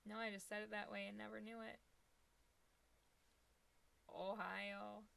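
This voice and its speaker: A woman's voice: mid-range voice, monotone, rapid-fire, gravelly, fairly bright tone, clear, resonant tone. Young woman, Upper Midwest accent, chatty, laughs easily, live shopping host. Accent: Upper Midwest American. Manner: chatty, giggly, talks to chat viewers. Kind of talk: casual live stream chat.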